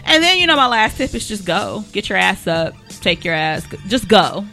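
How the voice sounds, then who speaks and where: A woman's voice: mid-range voice, very animated, normal speed, bright, forceful tone, soft background music. A woman co-hosting a casual chat show, talking bluntly with lots of swearing and frequent laughter. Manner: blunt, profane, laughs often. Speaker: podcast co-host.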